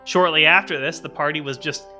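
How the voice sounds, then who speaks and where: A man's voice: fairly high pitch, fairly even intonation, brisk, bright, forceful tone, soft background music. A man hosting a tabletop game podcast as dungeon master, teasing his friends in a playful, joking intro.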